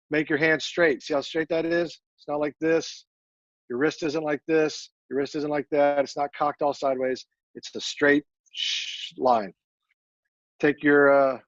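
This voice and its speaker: A man's voice: a little high, no room sound, dull audio. A man, a military veteran, answering interview questions casually with many fillers and restarts.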